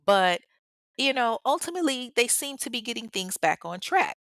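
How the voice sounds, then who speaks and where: A woman's voice: fairly high pitch, very animated, moderate pace, fairly bright tone, dry recording. A woman hosting a podcast, casually recounting a true-crime case, chatty and blunt, swearing freely and talking straight to her listeners. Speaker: podcast host.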